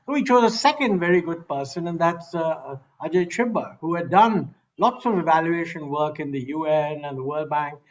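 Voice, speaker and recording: A man with an Indian English accent answering a criticism on a panel, measured with frequent hesitations. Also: on the high side, lively intonation, lo-fi sound. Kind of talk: panel discussion.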